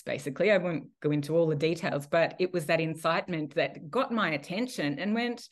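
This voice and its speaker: A woman being interviewed on a podcast, telling a personal story in a lively way and laughing often. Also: lowish voice, normal speed. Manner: animated storytelling with frequent laughter. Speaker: guest, priestess and healer.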